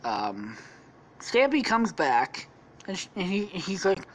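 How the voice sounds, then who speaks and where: A woman with a fairly low voice hosts a podcast and spins a silly story. She rambles, swears freely and keeps backtracking to fix details. Her tone is loose and offhand, in the style of casual comic storytelling. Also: sing-song, slow pace, low-quality recording. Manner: rambling, profane, full of self-corrections. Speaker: podcast host.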